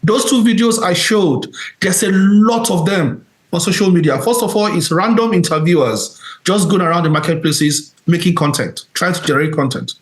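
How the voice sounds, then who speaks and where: A man's voice: high-pitched, animated, normal speed. A man hosting, giving earnest, emphatic commentary on video clips and repeating his points. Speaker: host. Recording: roomy echo.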